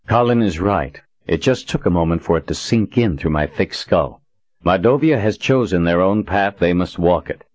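A man voicing a weary, stubborn young leader who speaks tersely and grumbles low. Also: animated, normal speed, darkish tone. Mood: commanding. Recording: dull dry recording.

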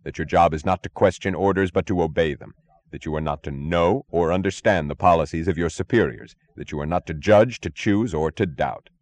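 A man voicing a calm, hard, authoritative male rescuer in an audiobook. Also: deep voice, fairly quick, natural voice. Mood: cold command. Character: cold, commanding male rescuer. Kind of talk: audiobook character voice.

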